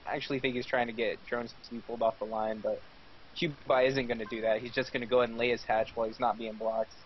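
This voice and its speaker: A man's voice: medium pitch, level tone, fast. A man with a mid-range voice calls the action of a live esports match, chatty and always joking. The stream audio is dull and lo-fi, with faint noise in the background. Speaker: esports caster. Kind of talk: live play-by-play esports commentary.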